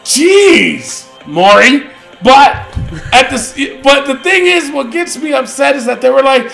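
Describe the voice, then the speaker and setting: A man hosting a wrestling podcast, talking loud and ranting with lots of swearing. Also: very high-pitched, sing-song, slow pace, vocal fry, soft background music, rough recording. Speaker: podcast host. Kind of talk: casual wrestling podcast chat.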